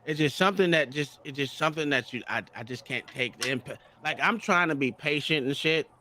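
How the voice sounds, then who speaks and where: A man's voice: a little high, fairly quick, pushed and bright, slight background noise. A man on a podcast, casually telling a story in a profane way and acting out heated quotes. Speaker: podcast co-host.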